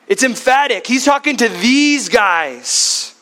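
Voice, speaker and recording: A man's voice: high-pitched, expressive, measured pace, a bit bright. A man preaching a teaching sermon, often asking his listeners questions and answering them himself. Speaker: Bible teacher.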